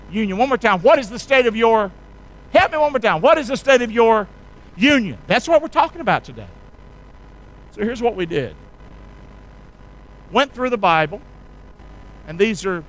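A man's voice: high voice, slight background noise, poor audio. A man preaching a sermon in a folksy, colloquial way, calling on the congregation to say the words back to him. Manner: call-and-response preaching, asks congregation to repeat. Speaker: pastor.

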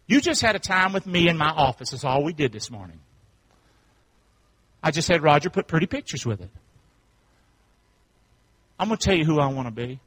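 A man pastor preaching a sermon, calling out to his congregation and swinging from quiet asides to shouts. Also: fairly high pitch, very animated, normal speed, pauses often, slightly rough. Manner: call-and-response preaching, swings from hushed to shouting. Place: church sanctuary.

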